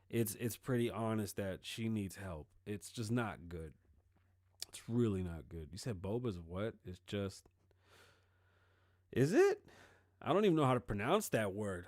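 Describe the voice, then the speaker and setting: A middle-aged man hosting his own show, talking loose and sarcastic, with plenty of swearing and the dry mouth of someone who says he is high. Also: dry recording. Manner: loose, rambling, profane and sarcastic. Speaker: show host. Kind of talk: casual political commentary.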